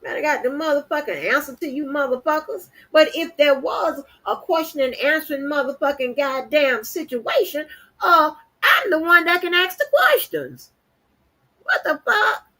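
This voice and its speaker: A woman's voice: sits high, animated, normal speed, sharp tone. A woman hosting a livestream, talking bluntly and defiantly with heavy profanity and repeated words. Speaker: channel host. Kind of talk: livestream rant.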